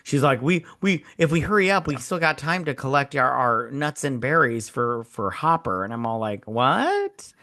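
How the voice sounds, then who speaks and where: On his casual movie-review podcast, a male host with a sharp, medium-pitched voice talks at a moderate pace with hardly any pauses. He retells scenes with energy, performs characters' lines, and laughs a lot between crude jokes.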